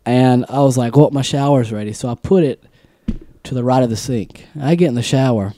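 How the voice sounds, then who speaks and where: A man's voice: medium pitch, moderate pace, no room sound, clean studio sound. A young man co-hosting a podcast, casually telling a funny story and acting out the lines. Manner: animated storyteller, acts out quotes. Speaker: podcast co-host.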